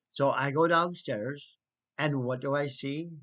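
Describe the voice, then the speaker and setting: A man telling a personal story in a casual, indignant way, with sarcastic asides and halting restarts. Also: mid-range voice, a bit bright. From United States. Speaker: storyteller recounting trouble with neighbors. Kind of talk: casual spoken storytelling to camera.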